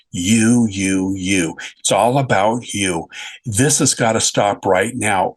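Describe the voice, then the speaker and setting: A man's voice: on the low side, breathy edge, dry recording, low-quality recording. A man voicing two stern young male spirits who scold insistently, quoted within his own story.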